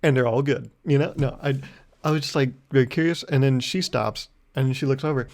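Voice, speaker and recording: A man's voice: mid-range voice, fairly quick, a little mellow. Young man, podcast host, rambling, self-mocking, laughs often, mock-indignant rants. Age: young adult. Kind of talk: casual solo podcast monologue.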